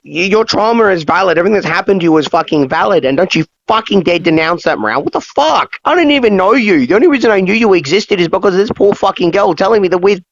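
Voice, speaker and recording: A man's voice: high voice, lively intonation, fast talker, hardly any pauses. A man hosting an interview, talking in a profane, indignant, rambling way. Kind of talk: casual interview chat. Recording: dull lo-fi sound.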